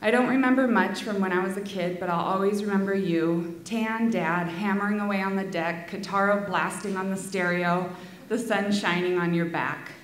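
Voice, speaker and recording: A woman reading a heartfelt memorial tribute to her father, with soft laughs between lines, in a school auditorium. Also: medium pitch, fairly even intonation, normal speed. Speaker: daughter giving a eulogy. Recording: echoey hall.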